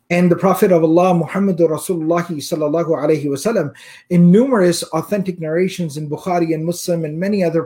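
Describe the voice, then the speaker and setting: A man giving a religious lecture, explaining terms patiently and repeating them slowly for emphasis. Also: a little high, dark tone. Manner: recites Quranic verses in Arabic. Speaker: Islamic teacher.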